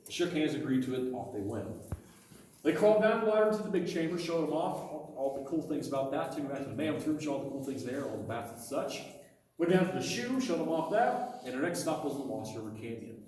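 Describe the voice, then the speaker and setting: A man, a cave tour guide telling a story in a lively, folksy way. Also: fairly high pitch, fast talker. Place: large underground cave. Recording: echoey cave from far off with faint noise.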